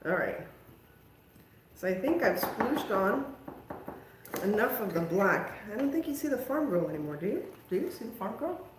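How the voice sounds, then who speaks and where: A woman's voice: medium pitch, big pitch swings, normal speed, pauses often, reverberant, background noise. A woman hosting a live crafting stream, chatting casually and poking fun at herself as she paints. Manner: chatty, self-mocking, talks to viewers while working. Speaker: crafting livestream host.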